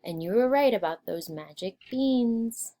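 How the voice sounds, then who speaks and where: A woman doing a gentle, soft-spoken mother. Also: a little high, animated, a little slow. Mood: relieved. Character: gentle relieved mother of a boy.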